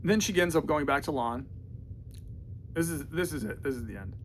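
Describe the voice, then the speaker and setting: A man's voice: fairly high pitch, lively intonation, normal speed, a little hiss or hum. A man giving sarcastic, casual movie commentary in a mocking, slangy, exasperated way. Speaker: movie reviewer.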